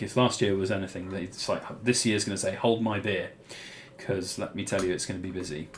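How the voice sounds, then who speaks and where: A man's voice: sits low, a little hiss or hum. A British man hosting a casual live-stream Q&A, answering viewers' chat questions in a rambling way with plenty of "um" and "uh". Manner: rambling, many fillers and restarts.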